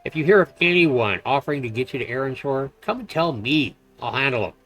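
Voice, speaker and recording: A man's voice: mid-range voice, lively intonation, a little fast, fairly bright tone, pitched above the performer's own voice, close to an everyday voice. A man voicing an impatient grown male dock official in a video game, curt and brusque.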